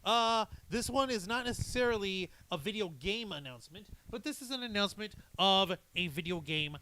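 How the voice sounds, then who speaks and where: A man co-hosting a casual live stream chat, joking in quick banter. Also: high voice, lively intonation, sharp tone, clear, resonant tone. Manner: joking, quick banter, puts on little voices. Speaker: co-host.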